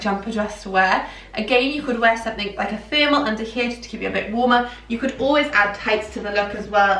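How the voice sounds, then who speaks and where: A young woman chatting casually and excitedly through a clothing haul vlog, with plenty of fillers. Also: medium pitch, recorded from a distance. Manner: chatty, gushing, filler-heavy. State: out of breath. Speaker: fashion vlogger. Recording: echoey room, voice a little off-mic.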